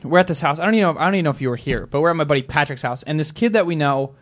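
A man telling a story on a casual talk show. His voice sits high and races along. He acts out every quoted line with animation. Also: expressive, rapid-fire. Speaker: show regular.

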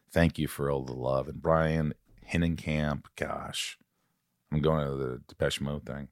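A man hosting a podcast, talking in a very low, deep voice with a playful, joking manner as he rattles off names. The sound is dry and close, with no room echo. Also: fairly even intonation, measured pace. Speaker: podcast host. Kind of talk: casual chat.

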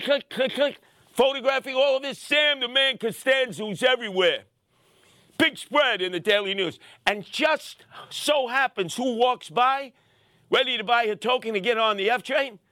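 High, excitable New man. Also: dry recording, studio quality. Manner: excitable, shouting bursts, punchy street-tough delivery. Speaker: podcast host. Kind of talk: animated storytelling commentary.

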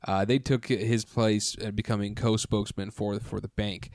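A man's voice: lowish voice, level tone, normal speed, darkish tone, dry recording. A man co-hosting a podcast, rambling through history notes with frequent swearing and fillers into a studio microphone. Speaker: podcast co-host. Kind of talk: casual podcast chat.

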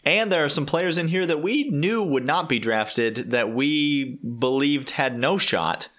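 A man's voice: a little high, lively intonation, measured pace, a bit bright. A man hosting a sports podcast in casual chat, upbeat and playful, and he laughs often. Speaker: podcast host.

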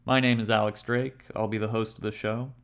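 A man's voice: fairly low pitch, little pitch movement, fairly quick. A man hosting a podcast, giving an earnest, conversational introduction. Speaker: podcast host.

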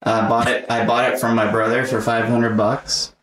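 A man's voice: medium pitch, little pitch movement, normal speed, a bit bright. A man from Alabama with a light Southern accent, a comedian guest chatting casually and laughing often. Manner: laid-back, laughs often. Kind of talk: casual podcast chat. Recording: roomy echo, distant from mic.

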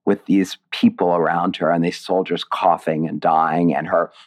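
A man with a very low, deep voice speaks in a relaxed interview. He talks reflectively and digressively, circling back and restarting his thoughts as he explains his work. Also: normal speed. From Indiana, USA. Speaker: playwright and author being interviewed. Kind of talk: casual interview conversation.

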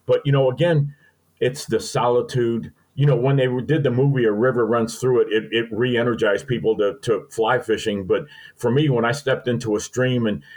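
Older male podcast guest, folksy and sentimental storyteller, mid-pitched. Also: steady tone, normal speed, darkish tone, low-quality recording. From Missouri. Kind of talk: storytelling interview.

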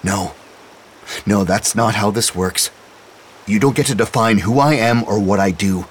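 A man's voice: on the low side, unhurried, a little hiss or hum, lightly acted, low-quality recording. A man voicing a defiant woman investigator. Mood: angry. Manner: curt and cool.

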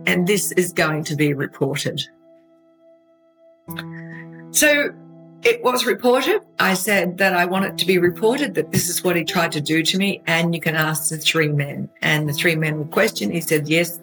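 A woman recounting her own ordeal in animated, emotional testimony, often checking in with "right?". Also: fairly low pitch, rough recording. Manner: animated storytelling, asks listener "right?". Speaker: interviewee telling her own story. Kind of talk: emotional true-crime testimony.

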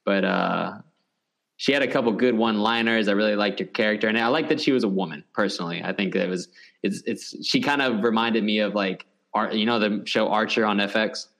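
Low-voiced easygoing man on a podcast. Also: gravelly, fairly bright tone. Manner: easygoing, laughs often, halting restarts. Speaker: podcast co-host. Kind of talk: casual chat.

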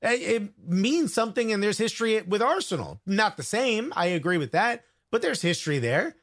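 A man co-hosting a casual sports talk show, joking and giving quick opinions. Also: high-pitched, very animated. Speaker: co-host.

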